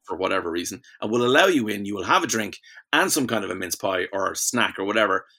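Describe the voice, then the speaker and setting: A man's voice: fairly low pitch, animated, quick pace, gravelly, sharp tone. A man hosting a comedy podcast, telling stories in an enthusiastic, casual way and laughing often. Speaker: podcast host.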